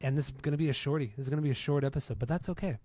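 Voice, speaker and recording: A man's voice: mid-range voice, fairly even intonation, racing, dark tone, no echo. Easygoing man hosting a podcast. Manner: laid-back, chatty, rambling. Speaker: podcast host. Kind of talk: casual podcast chat.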